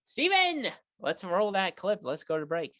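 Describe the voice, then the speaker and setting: A woman's voice: mid-range voice, big pitch swings, a little slow, heavy background noise. A woman hosting a comedy talk show with a theatrical, hammy announcer delivery, running a mock paranormal call-in segment.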